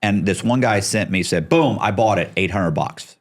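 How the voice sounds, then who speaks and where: Middle-aged male guest, deep voice, chatty storyteller who does the voices of the people in his story. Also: normal speed. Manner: animated, acts out the people he quotes, swears casually. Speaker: podcast guest. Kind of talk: casual storytelling interview.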